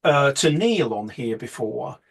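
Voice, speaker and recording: A man's voice: mid-range voice, animated, a little slow, creaky, husky. A man presenting a photography workshop in a casual, rambling way, full of fillers and restarts.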